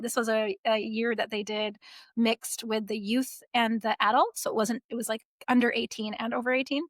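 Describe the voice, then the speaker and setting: A young woman, a podcast guest, telling a personal story in a casual, animated way, laughing often and saying "like" a lot. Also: a little high, no echo, studio quality. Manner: animated, laughs often, many likes and restarts.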